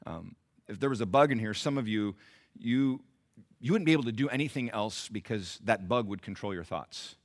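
A man preaching a sermon in a church, animated, swinging from loud emphasis to quiet asides. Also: lowish voice, moderate pace. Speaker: pastor.

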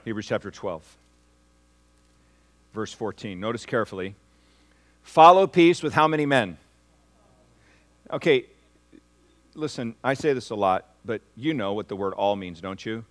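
A man preaching a sermon as pastor, asking the congregation for responses and swinging from hushed, slow lines to loud, rising ones. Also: fairly low pitch.

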